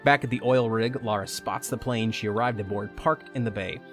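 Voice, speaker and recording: A man's voice: fairly low pitch, brisk, faint music behind. A man hosting a podcast, reading a retelling of a video game story and breaking in with joking asides. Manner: reads narration with joking asides. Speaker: podcast host.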